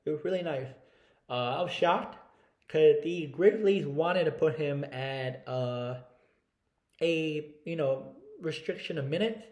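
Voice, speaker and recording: A man with a slightly raised voice runs a loose sports chat, leaning on fillers and pausing to look things up as he talks. The sound comes from an echoey room. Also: on the high side, a little mellow. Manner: rambling, many "uh" fillers, checks stats live. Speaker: sports podcast co-host. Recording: roomy echo.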